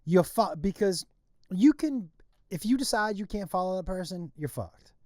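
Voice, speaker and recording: A man's voice: high-pitched, expressive, moderate pace, darkish tone, no echo, studio quality. A man who is a guest comedian, chatting casually in a laid-back, blunt way and swearing freely. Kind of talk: casual chat.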